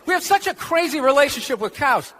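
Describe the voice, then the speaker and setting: A man's voice: very high voice, expressive, brisk, fairly bright tone. A male American stand-up comedian doing a sarcastic, swearing rant in a comedy club, with a handheld stage mic. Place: comedy club stage before a laughing crowd. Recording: live club recording with crowd noise.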